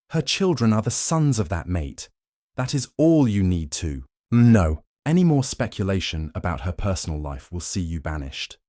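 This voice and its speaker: A man's voice: low-pitched, darkish tone, no room sound, studio quality. A man voicing a roaring werewolf brother. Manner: roaring and commanding. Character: furious protective werewolf brother.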